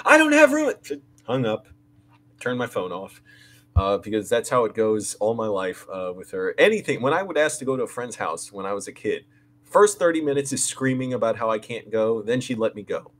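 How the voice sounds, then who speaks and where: In a lowish, animated voice that runs a little fast, a young male vlogger, his channel's creative director, rants to viewers about landlords and roommates. The casual live-stream chat is candid and rambling, with frequent restarts.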